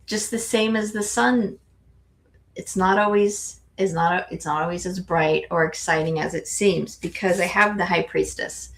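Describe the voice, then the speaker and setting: A woman's voice: on the low side, a little slow. A woman giving a casual tarot reading on a live stream, hesitant and searching for words, with ums and restarts. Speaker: tarot reader, guest co-host.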